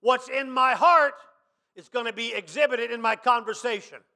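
A man pastor preaching a sermon, dropping quiet, then rising to shouted emphasis. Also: very high voice, moderate pace.

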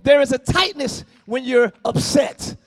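A man preaching a sermon as pastor, often shouting. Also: very high-pitched, unhurried, no echo. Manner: shouting, sing-song preaching with call-and-response. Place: church service, before a congregation.

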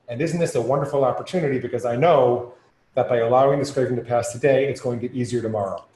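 A man's voice: medium pitch, fast talker, darkish tone. A man as a podcast guest, explaining earnestly and with rising emphasis. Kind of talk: conversational explaining. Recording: echoey room with faint ambience.

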